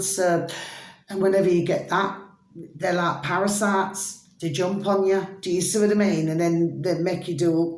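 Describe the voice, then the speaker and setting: A woman, her voice going hoarse, rambling affectionately through an evening vlog. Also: fairly low pitch, a little mellow. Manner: rambling and affectionate, calls listeners babies, keeps asking "do you see what I mean". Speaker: spiritual vlogger. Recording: echoey room.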